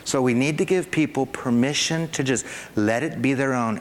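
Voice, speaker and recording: Animated preacher in a reverberant hall. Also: male voice, moderate pace, a little hiss or hum. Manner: animated, acts out parents and toddlers with rising pitch. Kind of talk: sermon.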